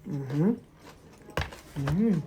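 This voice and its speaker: A woman's voice: sits low, expressive, extremely slow, background noise. A woman vlogging casually from her home kitchen, rambling along with plenty of fillers and restarts. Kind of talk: casual chatty diet vlog. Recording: echoey kitchen with dish clatter.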